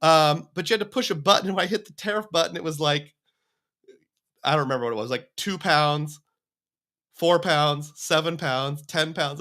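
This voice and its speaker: Bright-voiced chatty man. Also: fairly high pitch. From United States. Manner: rambling, chatty, reads viewer comments aloud. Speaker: livestream host. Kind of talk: casual livestream chat.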